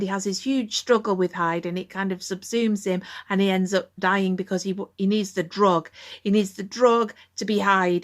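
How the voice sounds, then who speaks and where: A middle-aged woman with a candid, conversational manner, talking to listeners as the host of a recovery podcast. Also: mid-range voice. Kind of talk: podcast monologue.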